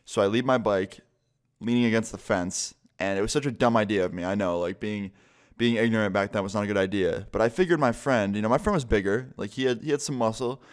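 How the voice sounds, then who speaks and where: Low-voiced young man telling a story. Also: fast. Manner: casual and profane, with acted quotes. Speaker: vlogger. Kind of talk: casual storytime vlog.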